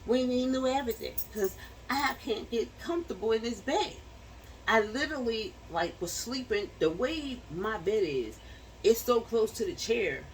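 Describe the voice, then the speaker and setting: A woman's voice: a little high, sing-song, measured pace, recorded from a distance, slight background noise, poor audio. Chatty slangy woman vlogging from home. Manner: chatty, slangy, laughs often. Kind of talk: casual chat to the camera. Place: home bedroom.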